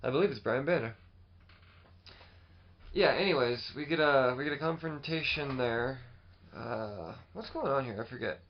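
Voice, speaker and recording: A man co-hosting a podcast, chatting casually and animatedly about comics, swearing freely and acting out lines in quick bursts. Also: medium pitch, lo-fi sound. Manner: animated, swears often, acts out quotes. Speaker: podcast co-host. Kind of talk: casual chat.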